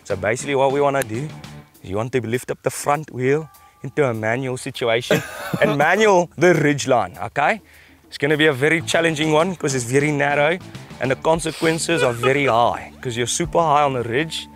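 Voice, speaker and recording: A man's voice: medium pitch, brisk, fairly bright tone, soft background music, lightly acted. A man putting on a South African Afrikaans accent to play a bossy trail guide on an outdoor mountain ridge, who keeps checking with "okay". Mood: instructing. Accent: put-on South African Afrikaans.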